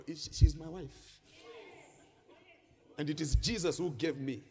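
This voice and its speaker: Crowd noise surrounds a pastor delivering a sermon in an echoing church hall, handheld microphone in hand. Taking it slowly in a fairly high voice, he reads scripture to the congregation and breaks into sing-song emphasis.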